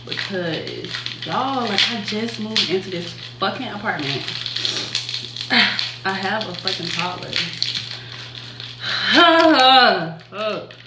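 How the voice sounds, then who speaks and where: Stressed-out woman vlogging alone, drawn-out talk, echoey room, noisy background. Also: mid-range voice. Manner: stressed, swearing, half-whispering at times. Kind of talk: self-filmed home vlog.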